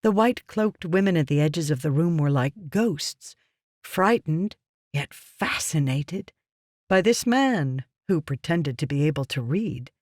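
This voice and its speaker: Slow, measured audiobook narrator. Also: mid-range voice, no echo, clean studio sound. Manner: measured, even storytelling. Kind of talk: scripted fantasy audiobook narration.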